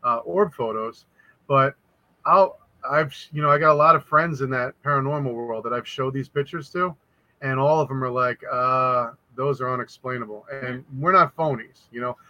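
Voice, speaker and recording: A man, a podcast guest, telling a spooky personal story in a casual, animated way, acting out the voices of people in it. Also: mid-range voice, moderate pace, dry recording, muffled recording. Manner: animated, acts out quoted voices.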